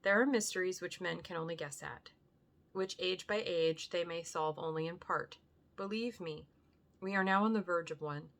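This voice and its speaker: A woman reading aloud and voicing a grave, solemn old foreign doctor who speaks in measured tones. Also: on the low side, a bit bright. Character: grave old foreign male doctor, stern yet tender. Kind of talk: audiobook reading.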